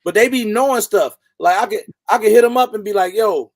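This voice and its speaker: Gravelly man hosting a casual live chat. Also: high-pitched, fast, no room sound. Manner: laid-back, greets chat viewers by name. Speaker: livestream host.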